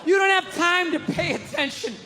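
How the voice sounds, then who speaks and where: A man doing a live stand-up set on a theater stage, ranting and profane, swinging from muttering to yelling. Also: very high-pitched, moderate pace. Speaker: stand-up comedian. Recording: echoey hall with loud crowd. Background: audience laughter.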